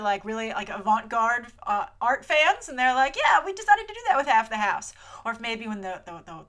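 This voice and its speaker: Lively, bright-voiced woman reviewing trailers. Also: on the high side. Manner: chatty and animated, full of asides and filler words; playful, slips into mock voices when quoting. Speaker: host of a movie trailer review show. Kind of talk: casual trailer review commentary.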